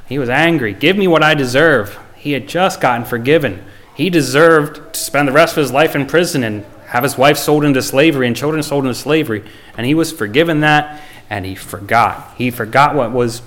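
A man's voice: mid-range voice, fairly bright tone. A man preaching a sermon, reading scripture aloud and then talking plainly and earnestly, with frequent ums and restarts, before closing in prayer. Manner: reads scripture aloud in old-fashioned wording.

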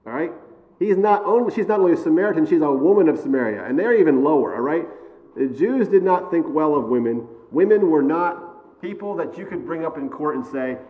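A man's voice: a little high, animated, a little fast. A man preaching a sermon in a conversational way, often checking in with "all right?" and "okay?", with some self-deprecating humor. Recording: long reverb, dull lo-fi sound.

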